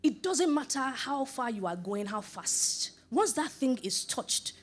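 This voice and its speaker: A middle-aged woman with a fairly high voice preaches a sermon with lively energy. She acts out scripture quotes and everyday dialogue and repeats her rhetorical questions for emphasis. She laughs easily as she moves between her points. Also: unhurried. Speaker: preacher and life coach.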